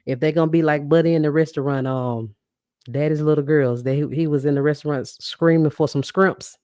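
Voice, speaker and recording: A podcast host reads comments on a live stream, talking casually and animatedly to listeners, laughing often and calling them y'all. Her voice sits low with fairly even intonation, a dark tone and a fairly quick pace. The recording is dry and clean, with studio sound.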